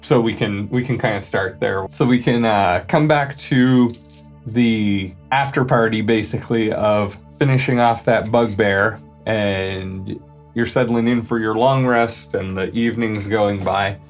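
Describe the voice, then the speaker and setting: A man's voice: on the low side, unhurried, faint music behind. A man running a tabletop game as game master, describing the scene in a loose, casual way with fillers and restarts. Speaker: game master and podcast host.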